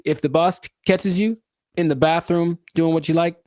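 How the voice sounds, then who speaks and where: A man co-hosting a casual podcast, rambling and animated with frequent laughter. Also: on the high side, normal speed, no room sound, clean studio sound. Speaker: podcast co-host.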